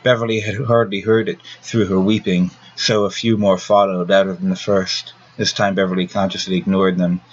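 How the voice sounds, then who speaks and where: A man narrating a gothic novel as an audiobook reader, reading at a steady, even pace. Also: low-pitched, moderate pace, few pauses, husky. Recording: dull lo-fi recording with faint hiss.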